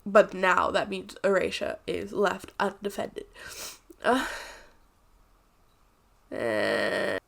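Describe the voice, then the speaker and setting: A woman's voice: fairly low pitch, very animated, drawn-out words, creaky, long pauses, a bit bright. A congested, sniffly woman giving a chatty, rambling and candid casual book review.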